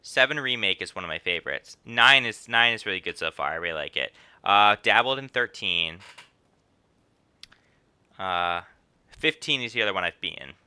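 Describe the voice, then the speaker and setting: A man's voice: on the low side, expressive, moderate pace, bright, forceful tone, clean tone, dry recording. A young man streaming a game, making casual self-mocking remarks between readings. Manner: laughing, self-mocking asides. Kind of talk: casual gameplay commentary.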